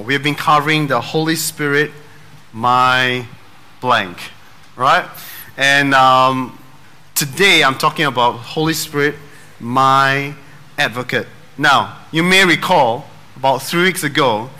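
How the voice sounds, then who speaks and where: Bright-voiced joking male preacher. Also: mid-range voice. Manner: casual and joking, with dad jokes and rhetorical questions. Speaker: pastor. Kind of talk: sermon.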